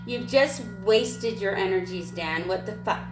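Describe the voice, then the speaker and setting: A woman vlogger in a rambling, emotional spiritual monologue, irritated and halting, with a gravelly voice. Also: mid-range voice, expressive, distant mic, over music. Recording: echoey room with faint ambience.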